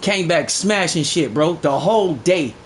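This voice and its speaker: A man livestreaming a game, chatting casually in a boastful, profane, slangy way that gets loud when excited. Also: on the high side, a little slow, a little hiss or hum. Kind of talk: casual live-stream chat.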